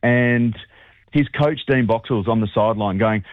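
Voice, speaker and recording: A man's voice: mid-range voice, normal speed, dry recording. A man calling in as a guest on a sports radio show, chatting in a bubbly, rambling way with lots of fillers. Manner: bubbly, rambling, laughs often, many fillers. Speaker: sports broadcaster phoning in as guest. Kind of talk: excited phone interview. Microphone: telephone. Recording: dry tinny phone line.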